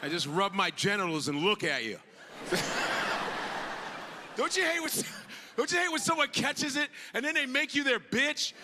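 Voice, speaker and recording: A high-pitched, wildly lively male comedian works a club stage, jumping into voices and shouting punchlines. The live recording carries clear crowd and room noise behind him. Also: a little slow, long pauses. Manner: animated, acts out characters with big shouted outbursts. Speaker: stand-up comedian. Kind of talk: stand-up comedy set.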